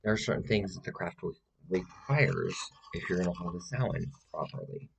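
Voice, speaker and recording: A man playing a rambling self-styled witch woman who is confidently wrong. He hesitates with many fillers and keeps pressing with "okay?" in a deadpan comedic monologue. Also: deep voice, moderate pace, gravelly, husky, full character voice, poor audio. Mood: self-assured. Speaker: witch giving a tutorial.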